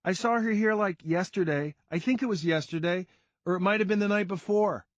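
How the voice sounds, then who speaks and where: A man's voice: high-pitched, brisk, no echo, highs cut off, voice pushed up, natural voice. A man voicing a young woman in a bar, hesitant and rambling as she tries to remember. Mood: unsure.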